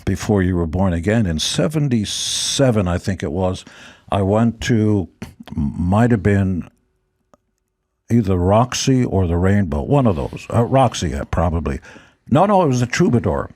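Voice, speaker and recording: An older man from Israel, a guest telling rock-tour stories in a relaxed chat, with dry joking asides. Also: low voice, moderate pace, no echo. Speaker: guest musician. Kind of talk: casual storytelling.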